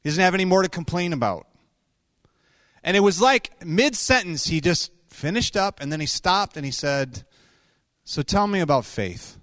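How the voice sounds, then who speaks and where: A male pastor tells stories in a sermon, talking conversationally with quick asides. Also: high-pitched, no echo, clean studio sound. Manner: conversational, animated storytelling with quick asides and laughs. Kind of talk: sermon storytelling.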